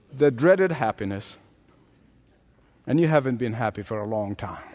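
A man's voice: medium pitch, expressive, normal speed, pauses often, darkish tone. A man preaching a sermon, emphatic and dramatic, often turning to the listeners directly. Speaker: pastor. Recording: long reverb in a large hall.

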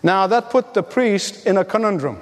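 A man's voice: high voice, animated, normal speed, long reverb tail. A man preaching a sermon as the pastor, building to emphatic, repeated calls.

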